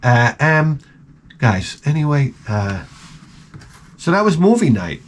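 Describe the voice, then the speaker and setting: A middle-aged man hosting his own channel, telling rambling, profane stories in a casual, animated way. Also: a little high, slow, a little hiss or hum. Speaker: channel host. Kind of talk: casual storytelling to camera.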